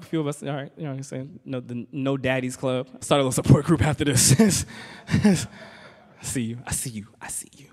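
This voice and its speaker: Man, stand-up comedy, mid-pitched voice, chatty audience asides, long hall reverb. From Richmond, Virginia. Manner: conversational, teasing the audience with frequent "right?". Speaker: comedian and spoken-word poet. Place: stage in a hall.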